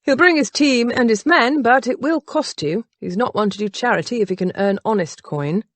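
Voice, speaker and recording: A woman's voice: a little high, moderate pace, no room sound, voice pushed up, lightly acted. A woman voicing an earnest young rector who speaks proudly.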